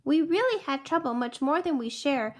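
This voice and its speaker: A woman's voice: high voice, animated, moderate pace, pitched above the performer's own voice. A woman voicing a tiny, cheerful male town mayor with an eager, piping manner, in a storybook reading.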